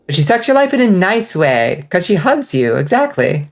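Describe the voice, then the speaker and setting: A woman streaming a game live, chatting casually and rambling with lots of fillers, now and then breaking into excited outbursts. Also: lowish voice, normal speed, soft background music. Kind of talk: casual livestream chat while gaming.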